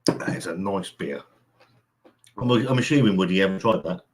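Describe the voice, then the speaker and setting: A deep-voiced man hosts a casual livestream from a room at home beside an open window, speaking expressively at a moderate pace. He rambles, swears casually, and reads out chat messages, with a bit of hiss or hum audible.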